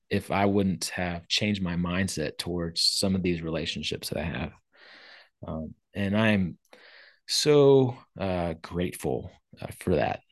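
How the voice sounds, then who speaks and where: A man's voice: sits low, no room sound, clean studio sound. A man co-hosting a podcast, sharing in a laid-back, reflective and grateful casual chat. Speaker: podcast co-host.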